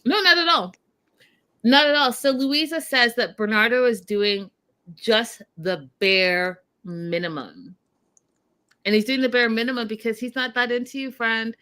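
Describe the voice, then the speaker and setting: A woman hosting a casual recap of a reality show, animated and talking straight to her viewers. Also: fairly high pitch, unhurried, smooth. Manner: animated, addresses viewers directly. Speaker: show host.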